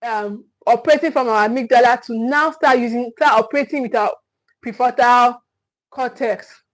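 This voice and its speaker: Nigerian woman, parenting coach on a live stream, fairly high voice, repetitive and emphatic delivery. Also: moderate pace, poor audio. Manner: repetitive, emphatic, thanks viewers often. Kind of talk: live-stream teaching talk.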